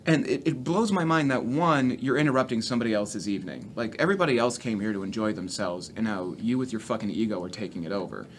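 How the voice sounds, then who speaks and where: A man's voice: fairly low pitch, quick pace, few pauses, a little hiss or hum. A man, a stand-up comedian, telling profane road stories as a podcast guest. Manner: profane, animated storyteller. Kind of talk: casual storytelling.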